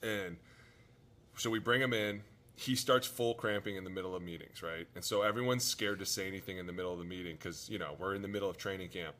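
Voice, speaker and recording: A man, a former football player from Cleveland, telling animated stories on a podcast and acting out the quotes with whispers and laughter. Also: low voice, fast. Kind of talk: casual storytelling.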